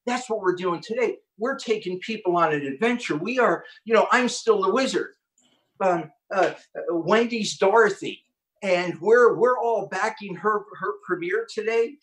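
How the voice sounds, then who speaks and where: A man hosting an online conference, telling an inspirational story with excitement and acting out the quotes. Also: high voice, normal speed, low-quality recording. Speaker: host.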